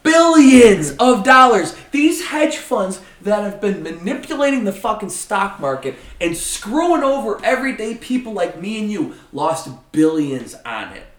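A man with a notably high voice rants through a casual podcast chat, swearing constantly and getting heated. He sits back from the mic, so his voice carries the echo of the room. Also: distant mic. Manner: profane, ranting, heated. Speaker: podcast host. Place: room with a friend.

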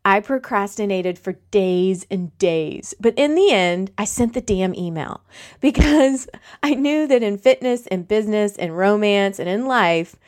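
A woman's voice: mid-range voice, animated, unhurried, a little mellow. A woman coach talks straight to her listeners in a solo podcast. Her delivery is emphatic and conversational, with a mid-range voice.

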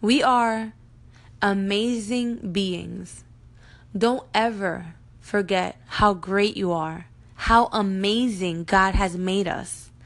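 A woman's voice: medium pitch, takes it slowly. A woman in her thirties telling her own birth story to her viewers, emotional and earnest, speaking to them directly. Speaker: mom vlogger. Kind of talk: personal storytelling to camera.

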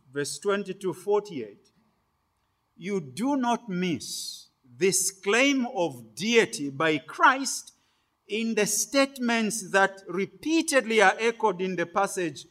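A man preaching a sermon, delivering it phrase by phrase with sudden loud stresses on key words. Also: sits high, animated, takes it slowly.

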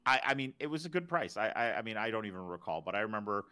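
A man's voice: on the low side, very animated, racing, sharp tone. A man co-hosting a podcast, chatting casually and stumbling over repeated words as he starts sentences. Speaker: podcast co-host. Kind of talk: casual chat.

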